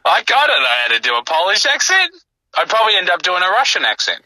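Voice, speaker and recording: Very bright-voiced, teasing man. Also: high-pitched, wildly swooping pitch, quick pace, dry recording, low-quality recording. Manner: playful, teasing, laughs a lot. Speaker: podcast co-host. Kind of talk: casual podcast chat.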